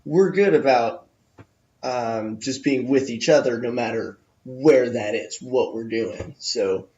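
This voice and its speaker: A man's voice: mid-range voice, takes it slowly, a little mellow. A man in his twenties hosting a casual podcast chat, agreeable and hesitant, with many ums and yeahs. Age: 20s. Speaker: podcast host. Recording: roomy, dull lo-fi audio.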